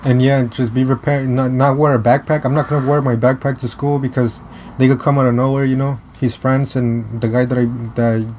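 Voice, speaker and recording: A young man from the United States telling a personal story in a casual vlog, halting and restarting often, blunt and profane. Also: medium pitch, a little mellow, slight background noise. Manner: rambling, halting with many restarts and fillers.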